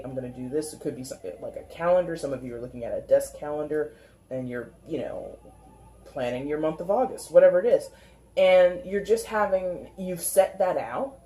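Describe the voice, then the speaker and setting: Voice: medium pitch, normal speed, warm tone. A tarot reader giving a casual, rambling card reading, talking in a chatty way with lots of 'like'. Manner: chatty, rambling, heavy use of filler 'like'.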